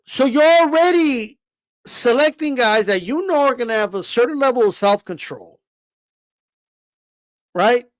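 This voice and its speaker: A man with a high voice rants through casual boxing commentary, swearing freely and stumbling over repeated words. He keeps throwing rhetorical questions at his listeners. The recording is dry and close, with no room sound. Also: lively intonation, a little slow, pauses often, dry recording. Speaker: boxing commentator on a live stream.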